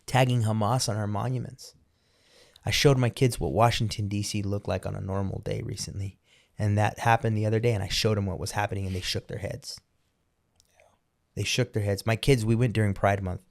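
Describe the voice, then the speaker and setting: A man's voice: lowish voice, steady tone, brisk, gravelly. A man hosting a podcast interview, talking in a casual, emphatic and opinionated way, often restarting his sentences. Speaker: podcast host.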